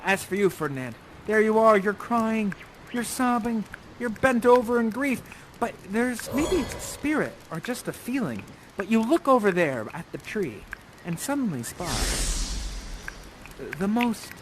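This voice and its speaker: A man's voice: sits high, a little hiss or hum. A man leading an improvised drama game, directing players in a playful, theatrical, coaxing way.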